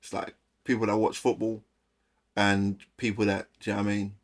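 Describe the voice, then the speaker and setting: A man from London, speaking with a London accent, chats casually and reacts to a video on a live stream in a slangy, animated way. His voice sits on the low side and moves a little fast.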